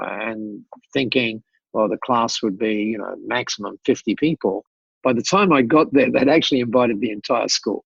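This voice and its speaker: A gravelly, slightly husky man talks through anecdotes with animated, repetitive emphasis. His voice is dry and close, with no room around it. The recording sounds muffled and lo-fi. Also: mid-range voice, normal speed, dry recording. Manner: animated, repeats words, tells anecdotes. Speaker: interview guest, business mentor. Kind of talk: storytelling in a podcast interview.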